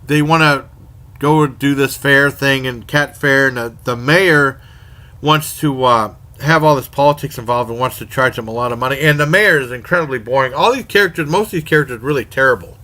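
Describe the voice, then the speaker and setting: A man's voice: mid-range voice, a little fast, pushed and bright. A man casually reviewing horror movies, rambling along with many fillers and self-corrections.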